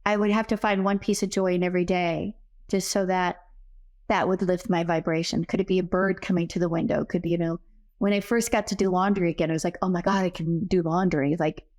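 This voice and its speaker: A middle-aged psychic medium, guesting on a podcast, tells a personal story in a casual interview, earnest and conversational as she acts out remembered dialogue. Her voice is lowish, darkish and fairly even in intonation, and she speaks briskly.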